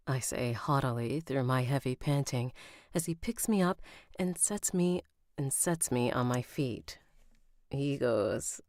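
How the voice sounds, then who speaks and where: A woman's voice: very deep voice, unhurried, darkish tone, no room sound, clean studio sound. A woman recording an audiobook on a live stream, rereading lines and stopping to comment and laugh at herself. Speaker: audiobook narrator.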